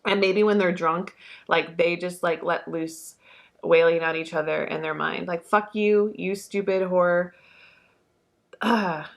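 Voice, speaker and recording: A woman's voice: on the low side, vocal fry, a bit bright. Chatty young woman reading tarot. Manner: chatty, emotional, swears freely, many fillers. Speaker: tarot reader. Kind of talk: casual tarot reading monologue.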